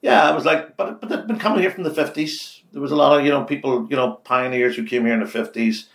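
A man in his sixties from Belfast with a West Belfast accent, a radio host chatting as an interview guest, telling stories in animated bursts with many restarts. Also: medium pitch, fast, gravelly. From Northern Ireland. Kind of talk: casual interview chat. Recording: echoey office room.

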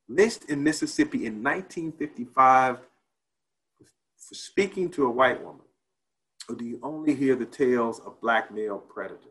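A man's voice: mid-range voice, fairly bright tone, poor audio. A man presenting at a conference, reciting a spoken-word piece of repeated rhetorical questions that rise and then fall almost to silence. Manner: rhetorical, rising on questions and dropping to near silence.

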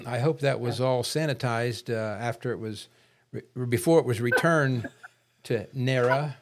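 A man talking casually about politics on a podcast, measured and wordy, and he often clears his throat. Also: medium pitch. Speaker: podcast co-host.

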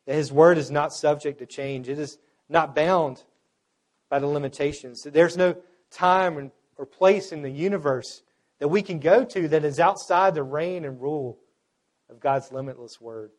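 Earnest preaching man, fairly high voice. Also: normal speed. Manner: earnest preaching with emphatic repetition. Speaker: pastor. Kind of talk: sermon.

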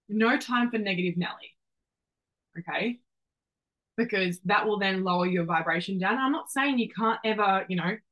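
A woman's voice: mid-range voice, fairly bright tone, low-quality recording. A woman in her twenties hosts a solo motivational podcast. She is brash and hypes the listener up. She swears often and keeps calling them babe and doll. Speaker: podcast host.

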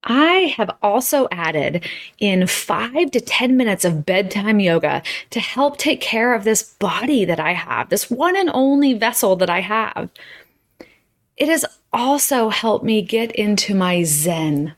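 A woman's voice: mid-range voice, big pitch swings, unhurried. A woman giving a chatty, emphatic motivational talk to her viewers, exclaiming often. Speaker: host.

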